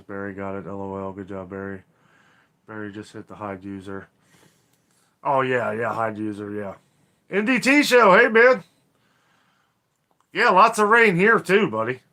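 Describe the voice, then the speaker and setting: A man with a mid-range voice that sounds pushed and bright hosts a casual live stream. He rambles chattily, reads viewer comments aloud, apologizes and laughs often.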